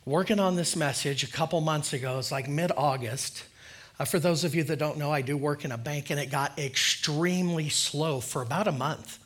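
A man's voice: a little high, fairly bright tone. A man giving a casual, conversational sermon in church, friendly and loose with filler words. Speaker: lay preacher.

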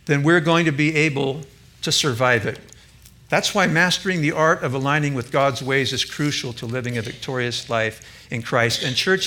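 A male pastor preaches a sermon in a bright, slightly high voice. He speaks emphatically and often turns to the congregation with direct questions.

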